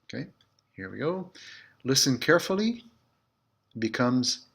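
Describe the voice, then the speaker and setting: A man teaching a language lesson as a French teacher in a school building, patiently repeating each phrase slowly. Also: medium pitch, big pitch swings, vocal fry, husky.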